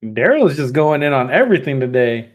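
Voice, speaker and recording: A man's voice: mid-range voice, very animated, fairly quick. A man co-hosting a podcast, laid-back and amused in casual chat. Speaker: podcast co-host.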